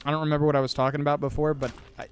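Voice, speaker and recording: A man in his twenties races through his podcast talk in a slightly high, flat voice, with a bit of hiss or hum behind him. He rambles casually while playing a video game, sarcastic and self-mocking.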